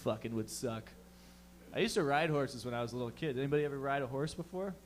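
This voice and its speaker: A man's voice: mid-range voice, fast, slight background noise. A young man doing a stand-up set, with profane, rambling, conversational talk. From Canada. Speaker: stand-up comedian.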